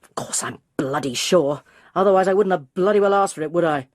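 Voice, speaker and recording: A man's voice: high voice, a little fast, no echo, clean studio sound, lightly acted. A woman reading aloud, voicing an unkempt, drunken male dentist who speaks in a slurred, belligerent way.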